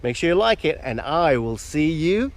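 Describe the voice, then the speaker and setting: Pleading earnestly with his audience not to litter, a hiking vlogger rants to camera beside a river. His voice is a little high, with big pitch swings, and he talks at normal speed.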